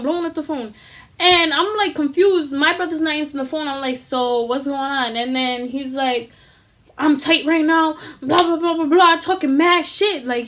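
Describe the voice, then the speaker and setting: A young adult woman telling an animated, slangy storytime with lots of swearing, acting out the lines of the people in it. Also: sits high. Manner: acts out dialogue in quoted voices. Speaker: vlogger. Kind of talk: casual storytime.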